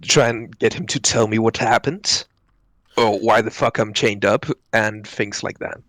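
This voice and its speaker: A man's voice: on the low side, steady tone, unhurried, a bit bright, no room sound. A man playing a tabletop game, talking hesitantly with many fillers. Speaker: player. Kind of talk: casual tabletop play.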